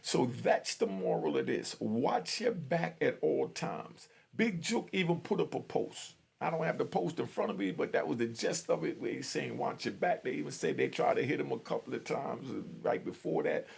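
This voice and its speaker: A man's voice: fairly high pitch, lively intonation, normal speed, vocal fry, hardly any pauses, a little mellow, slightly rough. A man in his fifties from Jamaica giving blunt, streetwise warnings in a commentary vlog, outdoors on a street. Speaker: vlogger.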